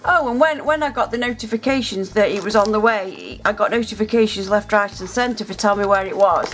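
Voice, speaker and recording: A woman hosting a casual unboxing vlog from home, gushing and excitable, gasping and exclaiming as she talks. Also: medium pitch, fairly quick, music in the background. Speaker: nail art channel host.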